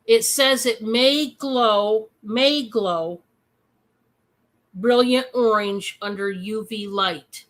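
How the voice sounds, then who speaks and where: A woman hosting a casual live-stream sale, chatty and excitable, with many fillers. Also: a little high.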